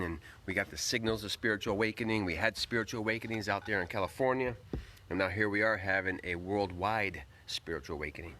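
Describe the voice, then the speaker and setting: A man's voice: on the low side, pushed and bright, slight background noise. A man hosting a casual livestream, greeting viewers by name and rambling upbeat while he eats. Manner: talks while eating. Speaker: livestream host.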